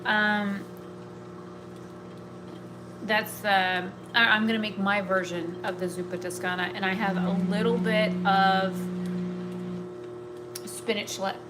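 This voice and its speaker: A woman's voice: mid-range voice, fairly even intonation, takes it slowly, pauses often. Chatty woman rambling at home. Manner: rambling, chatty, talks to her cats. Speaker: vlogger. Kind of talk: casual live-stream chat. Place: home kitchen. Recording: home recording with clear background noise.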